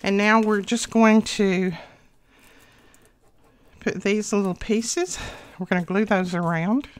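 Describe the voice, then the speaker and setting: Taking it slowly, a woman with a medium-pitched voice hosts a casual craft tutorial for her channel. She chats to viewers while working and sounds a little out of breath.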